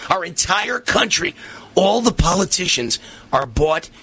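A middle-aged male talk radio host rants in a fiery, impassioned monologue, often climbing to shouts. His voice sits fairly high and sounds bright and forceful, with a husky, strained edge from all the shouting. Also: very animated, a little slow.

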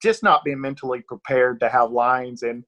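A man from Northeast Georgia speaks with a rural Georgia accent. He answers questions in a chatty, self-deprecating way, often restarting his sentences and breaking into laughs. His voice sits at a middle pitch. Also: moderate pace, fairly bright tone. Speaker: actor guest. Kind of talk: casual interview answers.

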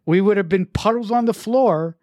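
Halting, reflective podcast speaker. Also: medium pitch, a little mellow, no room sound, clean studio sound. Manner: reflective, halting, many restarts and fillers. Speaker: podcast co-host and writer. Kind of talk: casual chat.

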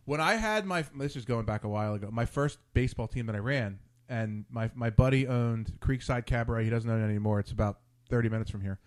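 A man's voice: medium pitch, fast talker, hardly any pauses. A man hosting a casual talk show who tells crude stories and acts out the dialogue. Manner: storytelling, animated and crude, quotes friends in dialogue. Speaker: podcast host. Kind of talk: casual chat.

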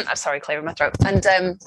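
A woman from England co-hosting a podcast, chatting casually and telling funny stories with animated delivery and frequent laughter. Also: lowish voice, a little fast, slight background noise. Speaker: podcast co-host. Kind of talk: casual chat.

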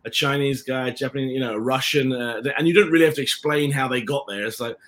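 A man's voice: mid-range voice, fast talker, fairly bright tone. A man with an English accent, an actor telling rambling, self-interrupting anecdotes in a casual interview chat over a video call. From England.

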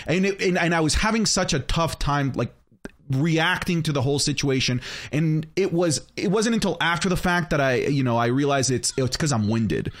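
A man's voice: fairly high pitch, animated, normal speed, fairly bright tone. A young American man co-hosting a podcast, asking long rambling questions full of ums. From United States. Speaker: podcast co-host. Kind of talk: casual interview talk.

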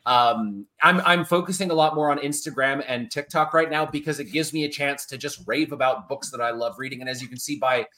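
A man, a guest author on a video call podcast, speaking in an emphatic, motivational and animated way. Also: medium pitch, brisk, few pauses. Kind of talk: casual podcast interview over video call.

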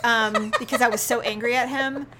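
Podcast co-host: woman, high bright voice, animated storyteller. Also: normal speed, slight background noise. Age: adult with a child, married. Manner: animated storytelling, laughs often. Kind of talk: casual chat.

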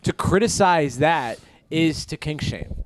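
Deadpan man riffing on a podcast. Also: a little high, unhurried, dry recording. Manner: deadpan absurd riffs, frequent "you know what I mean". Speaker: podcast co-host. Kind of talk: casual comedy chat.

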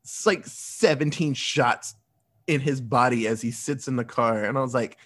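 A man casually recapping a movie plot, animated and profane, acting out the characters' lines as he goes. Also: medium pitch, normal speed.

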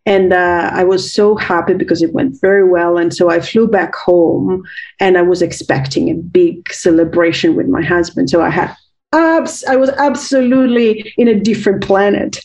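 A woman's voice: fairly low pitch, moderate pace, a little mellow. A woman from Italy, a guest author and coach recounting a personal story in an interview, earnest and reflective, repeating words as she searches for them.

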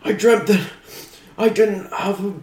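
A man co-hosting a comedy podcast, improvising scenes with theatrical, drawn-out exclamations. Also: high voice, steady tone, darkish tone, roomy sound. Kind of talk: improvised comedy role-play.

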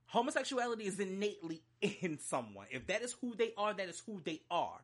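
A man with a raised, forceful and tense voice rants about music with heated emphasis. He swears freely and hammers each point home in an unscripted, emotional review. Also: high-pitched, very animated, brisk, few pauses, husky. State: choked up.

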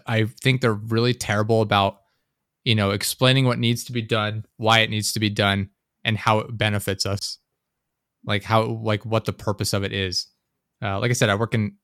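A man's voice: lowish voice, fairly even intonation, normal speed, a bit bright, no echo, clean studio sound. A young man co-hosting a podcast, telling work stories in a loose, ranting way, swearing often and laughing as he talks. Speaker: podcast co-host. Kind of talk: casual chat.

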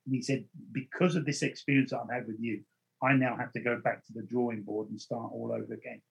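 A man with a husky, slightly breathy voice, speaking as an interview guest. He talks earnestly and unhurriedly, drawing out key words when making a point. His pitch sits in an ordinary middle range. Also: fairly even intonation, lo-fi sound. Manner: earnest, slows down to stress points. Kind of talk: anecdotal storytelling in an interview.

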